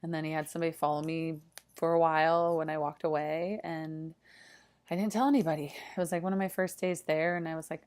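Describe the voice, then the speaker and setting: A woman in her thirties telling a personal story straight to camera in a casual, animated way, full of fillers and swings from loud to hushed. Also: low-pitched, fairly quick. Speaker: vlogger.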